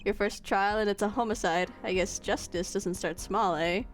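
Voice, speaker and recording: A woman voicing a calm, smooth-talking male defense attorney who is mentoring a junior, measured and softly condescending in a video game. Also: medium pitch, soft background music, natural voice.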